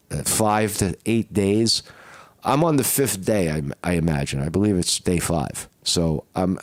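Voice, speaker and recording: A hoarse man rambles casually through a live stream, full of fillers and restarts. His voice sits very low. The sound is dry and close, with no room around it. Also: no room sound. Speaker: vlogger doing a live at-home test.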